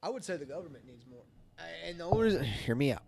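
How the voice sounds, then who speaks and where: A man with a Southern country accent, co-hosting a casual podcast chat, talking in an animated, profane and sarcastic way. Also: on the high side, fast talker, vocal fry, breathy edge, no echo. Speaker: podcast co-host.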